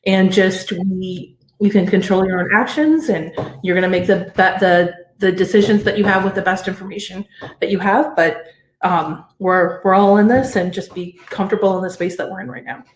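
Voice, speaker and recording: A woman answering as a panelist, calm and reflective. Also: mid-range voice, moderate pace, roomy sound, slight background noise, low-quality recording.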